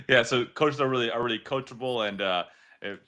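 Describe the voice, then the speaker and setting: A man's voice: medium pitch, big pitch swings, moderate pace, sharp tone. A man hosting an interview, who asks easygoing questions padded with fillers. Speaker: podcast host, interviewer. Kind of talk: casual interview talk.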